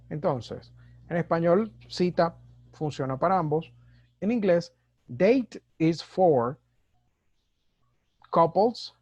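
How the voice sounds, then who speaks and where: Slow-talking male teacher. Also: fairly high pitch, darkish tone, breathy edge, no room sound. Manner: slow, mixes Spanish and English explanations. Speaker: English teacher. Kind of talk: recorded online lesson. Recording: dull dry lo-fi recording.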